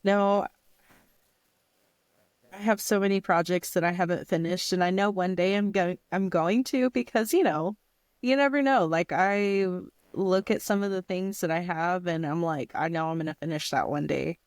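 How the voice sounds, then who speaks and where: Brief: woman co-host, giggly and breezy, mid pitch, dry close mic. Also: dry recording. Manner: giggly, breezy, quick to laugh. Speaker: podcast co-host. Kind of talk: casual chat.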